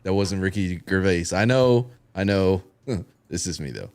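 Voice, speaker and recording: A man co-hosting a casual podcast chat, lively and joking. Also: sits low, unhurried. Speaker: podcast co-host.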